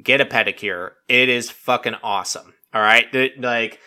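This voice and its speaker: A man rambles through a casual podcast recap, stacking filler words and swearing as he tells the story. He slips into mock quotes to act out the scenes. His voice has a hard, bright edge. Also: mid-range voice, moderate pace. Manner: rambling and profane, heavy use of "like". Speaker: podcast host recapping a reality dating show.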